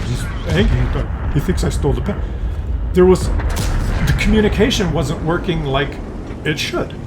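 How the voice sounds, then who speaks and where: A man's voice: a little high, expressive, moderate pace, music in the background. Rambling male YouTube commentator. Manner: rambling and conversational, with hesitant fillers and restarts; drops into brief acted voices for examples. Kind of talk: casual video commentary.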